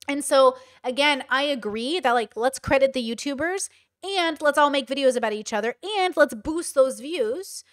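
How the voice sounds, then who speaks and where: A woman's voice: high-pitched, dry recording, clean studio sound. A young woman hosting casual commentary, chatty and full of "like" fillers. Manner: chatty, many 'like' fillers. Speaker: host.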